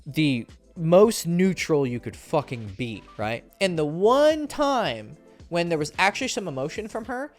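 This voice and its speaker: A man's voice: unhurried, faint music behind. A man, a dating coach, giving direct-to-camera advice in a blunt, profane way, often checking in with "right?" and "okay?". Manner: animated, jumps up in pitch for emphasis.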